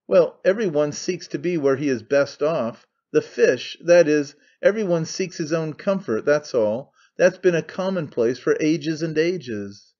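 A sly, excitable young conspirator, read by a man in an audiobook, wheedling and pressing in a slightly raised voice. The recording sounds dull and lo-fi. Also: on the high side. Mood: persuasive. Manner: fast-talking, wheedling, sly. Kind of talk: audiobook character reading.

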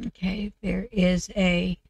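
Slow, gravelly woman talking through a build. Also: on the low side, little pitch movement, darkish tone, no echo. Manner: muttering to herself while working. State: coughing, voice off. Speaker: video game creator. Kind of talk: casual gameplay commentary.

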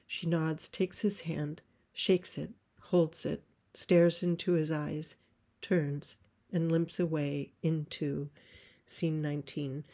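Woman reading stage directions, low voice, slow and measured, gravelly. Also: level tone, dark tone. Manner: measured, descriptive. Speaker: playwright reading her script.

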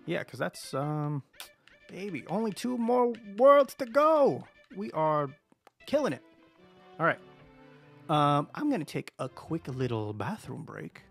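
A man's voice: on the high side, sing-song, moderate pace, gravelly, a bit bright, faint music behind. A man casually commentating as he plays a video game on a livestream, joking around and greeting viewers. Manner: goofy, joking, chatting to viewers. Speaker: streamer.

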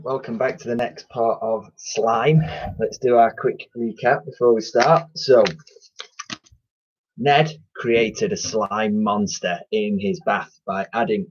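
A man's voice: on the low side, a little mellow, breathy edge. A man with an English accent, a primary school teacher, reading a children's story aloud in a chatty way with fillers and self-corrections, recorded at home on a computer mic. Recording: dull lo-fi sound.

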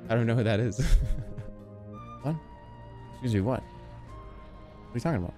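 A man chatting casually on a livestream, rambling and incredulous, quick to get worked up. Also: mid-range voice, expressive, over music. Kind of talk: casual stream chat.

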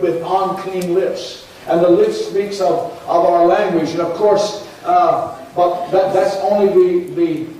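Echoey far-off pastor preaching. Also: male voice, high voice, darkish tone, a little hiss or hum. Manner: earnest preaching with repeated words and rising pleas. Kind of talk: sermon. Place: church. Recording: echoey church from a distance with faint ambience.

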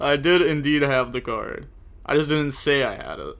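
Young male card-game streamer, raspy edge, bright tone, self-critical chat with viewers. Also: mid-range voice, moderate pace. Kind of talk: live card game commentary.

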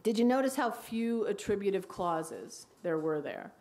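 A woman's voice: lively intonation, unhurried. A woman teacher giving a wry talk on writing dialogue, reading passages aloud. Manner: wry, reads quoted dialogue in a hushed low voice. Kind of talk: lecture with read-aloud excerpts. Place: lecture hall.

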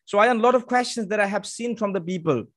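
A man's voice: high voice, fast talker. A man hosting a live online session, chatty and upbeat, thanking viewers and reading out their names. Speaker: moderator.

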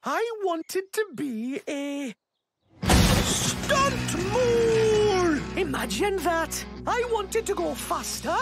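Brief: a gentle, fussy cartoon mole, very high and sing-song, unhurried. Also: female voice, sing-song, over loud music, full character voice. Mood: wistful. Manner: fussy, self-deprecating, rambling. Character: timid wistful male mole, older and gentle.

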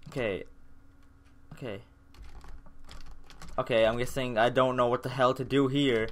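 A man's voice: mid-range voice, steady tone, a little slow. A young man with a sore throat giving casual gameplay commentary, ranting and swearing in frustration as he keeps failing. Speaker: gaming channel host.

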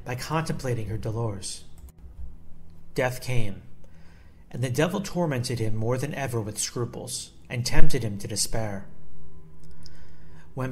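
A man reading a devotional text aloud in a slow, solemn and measured way. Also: mid-range voice, slight background noise. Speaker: devotional reader.

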